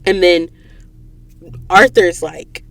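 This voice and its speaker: A woman hosting a podcast and recapping a book in a casual, animated way, acting out the characters' lines while sniffling from allergies. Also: on the low side, very slow, creaky, dry recording, soft background music. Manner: animated storyteller, acts out quoted lines. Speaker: podcast host. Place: recording booth.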